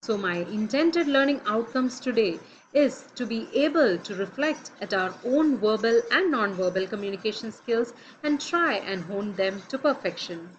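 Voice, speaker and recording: A woman lecturing in dentistry, speaking with clear, deliberate teaching delivery. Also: a little high, lively intonation, lo-fi sound, slight background noise. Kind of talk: recorded lecture presentation.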